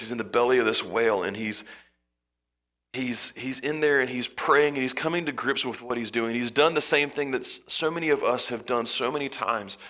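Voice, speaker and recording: A man preaching a sermon as pastor, retelling a story with animated, acted-out voices. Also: medium pitch.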